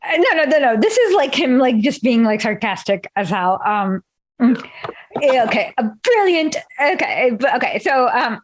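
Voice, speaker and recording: A woman's voice: sits high, very animated, normal speed, a little hiss or hum. Giggly, eager woman host. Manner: giggly, restarts often, explains eagerly. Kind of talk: casual chat.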